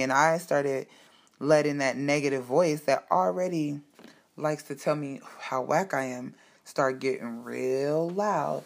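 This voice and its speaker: A woman's voice: sits low, takes it slowly, gravelly. A woman speaking straight to her audience in a candid personal monologue, heartfelt and emphatic, with frank swearing.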